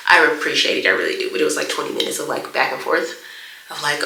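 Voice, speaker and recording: A woman's voice: low voice, level tone, rapid-fire, gravelly, pushed and bright, echoey room, slight background noise, rough recording. A woman giving a casual fashion vlog update to the camera, chatty, with laughing asides. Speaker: fashion vlogger.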